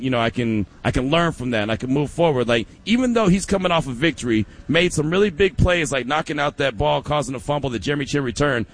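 A man hosting a sports talk radio show, energetic and speaking straight to listeners, often repeating his words. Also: mid-range voice.

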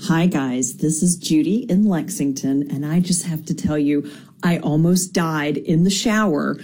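A woman calling a talk show, telling her story in an excited, tumbling rush. Her voice sits somewhat low for a woman. She sounds open and unhurried in her delivery. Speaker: caller, a nurse. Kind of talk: excited voice message.

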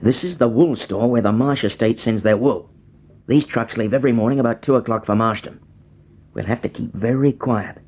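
An actor playing a cold, scheming criminal mastermind who gives curt, bossy orders, in vintage radio drama style. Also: male voice, medium pitch, moderate pace, a little mellow, lightly acted.

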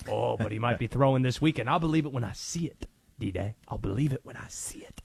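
A man voicing an excitable male football fan with conspiracy theories and a put-on Cajun accent, as a comic radio bit. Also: fairly quick, creaky, breathy edge. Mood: suspicious. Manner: loud, high, rambling, suspicious.

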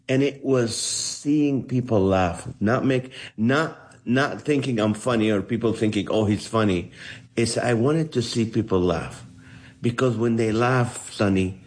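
A man's voice: medium pitch, a little slow. A middle-aged man from the Middle East, a comedian telling his story in an interview and acting out the voices he quotes. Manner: animated, acts out quoted voices. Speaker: comedian guest.

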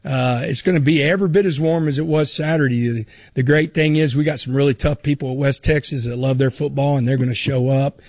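Measured male football coach. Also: mid-range voice, fairly even intonation, darkish tone, no room sound. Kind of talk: press conference remarks.

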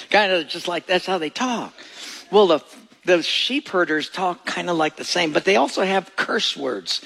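A man preaching a sermon, his voice gravelly with fry and pitched a little above the usual for a man. He tells stories as he goes and acts out the people in them. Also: expressive, normal speed, a bit bright. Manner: storytelling, acts out quoted voices. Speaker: pastor.

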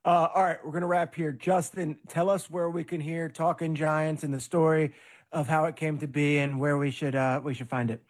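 A man's voice: fairly high pitch, little pitch movement, moderate pace. A man hosting a sports talk podcast, upbeat as he passes the floor to his guests. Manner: upbeat, wraps up and hands over to guests. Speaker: podcast host.

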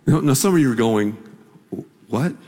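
A male preacher delivering a sermon in a slow, lively voice that rises and falls with emphasis. His tone is a little husky, and his words ring out with the long reverb of a big hall. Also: high-pitched. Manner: emphatic, drawn-out phrasing that swells to shouts.

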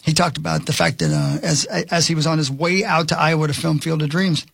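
A man's voice: on the high side, steady tone, fairly quick, gravelly, fairly bright tone, slight background noise. A man co-hosting a radio show, retelling an interview with enthusiastic, rambling energy. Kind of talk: casual on-air banter.

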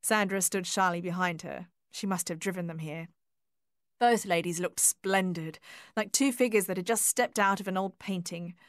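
A woman reading a novel aloud as audiobook narrator, measured and even. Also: lowish voice, no echo, clean studio sound. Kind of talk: scripted narration.

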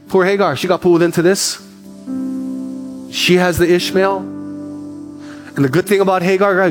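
A man in his forties, a pastor preaching a sermon, telling stories with quick bursts and emphatic repetition. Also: high-pitched, steady tone, soft background music.

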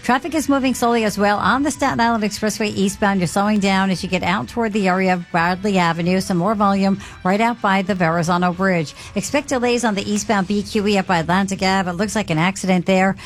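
A woman reading a radio traffic report in a brisk, steady delivery. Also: medium pitch.

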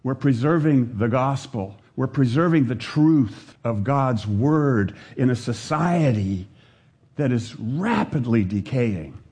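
A pastor preaches to his congregation in an animated sermon, his voice climbing to drive each point home. His tone is mellow and a little husky. He pauses to put questions to the people listening. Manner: animated preaching, rises in pitch to stress points, asks the congregation.

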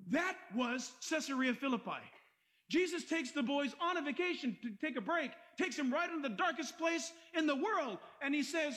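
A man preaching a sermon, animated and conversational, acting out quoted voices and asides to the congregation. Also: very high voice, normal speed. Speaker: pastor.

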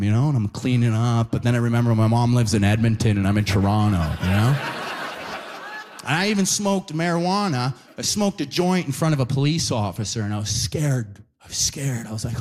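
A man performing a stand-up set at a live show, animated and tacking "right?" onto his lines while acting out characters. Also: medium pitch, fairly quick. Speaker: stand-up comedian.

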